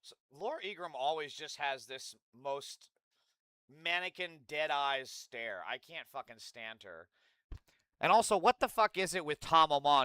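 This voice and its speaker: Profane, heated man with a bright voice. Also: on the high side, big pitch swings, moderate pace, smooth, no echo. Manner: angry, profane, sarcastic; reads and answers chat. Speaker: streamer host. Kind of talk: live political commentary.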